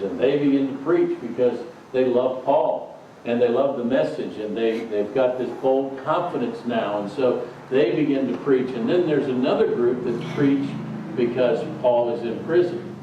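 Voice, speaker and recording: A male pastor delivers his sermon like a casual story, at an ordinary middle pitch. His voice carries through a strongly echoing sanctuary from a mic set some way off. The sound is dull, with a clear layer of background noise. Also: unhurried, recorded from a distance. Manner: conversational storytelling preacher. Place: church sanctuary.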